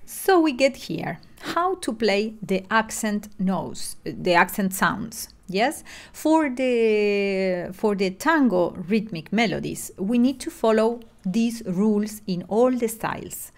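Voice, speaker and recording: Speaking slowly and with animation at a medium pitch, this middle-aged music lecturer teaches online. Her delivery is patient and explanatory, full of fillers and restarts.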